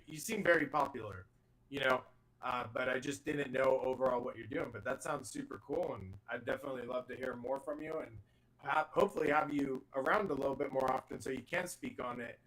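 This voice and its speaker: Upbeat, bright-voiced man hosting. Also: mid-range voice, brisk, rough recording. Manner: enthusiastic, rambling with many fillers. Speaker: host of a live audio space. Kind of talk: casual live audio chat.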